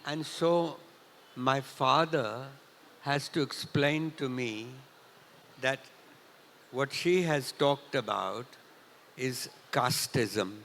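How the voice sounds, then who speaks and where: An older man from Punjab tells a story at a festival talk, often clearing his throat. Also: medium pitch, fairly bright tone, slight background noise. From India, Punjab. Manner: clears throat often, unhurried anecdotal retelling. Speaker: festival speaker. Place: large hall at a literature festival. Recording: reverberant hall.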